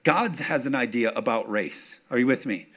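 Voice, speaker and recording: Man, pastor, sermon, mid-pitched, emphatic, call-and-response. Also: normal speed, fairly bright tone. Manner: call-and-response, keeps checking in with the congregation; rises to emphatic, punchy declarations.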